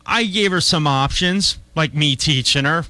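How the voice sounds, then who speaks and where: A man's voice: fairly high pitch, a little slow, sharp tone, dry recording. A man hosting a talk radio show, chatting casually and rambling with frequent restarts. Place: radio studio.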